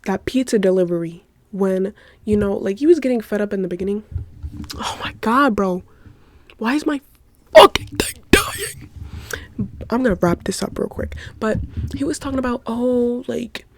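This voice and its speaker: A woman hosting a casual solo podcast, gushing excitedly, swearing a lot in slangy talk and giggling. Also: medium pitch, a little fast. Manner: giggly, breaks into laughter. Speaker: podcast host.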